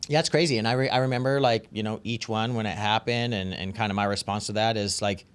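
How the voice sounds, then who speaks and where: A man's voice: fairly low pitch, steady tone, quick pace, clean tone. A man in his forties hosting a podcast in casual chat, candid and slangy, swearing freely. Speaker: podcast host.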